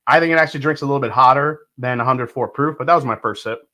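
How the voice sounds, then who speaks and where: A man's voice: medium pitch, quick pace, pushed and bright. A man hosting a casual livestream, greeting viewers by name and thinking aloud as he tastes. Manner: thinks aloud while tasting. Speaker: livestream host.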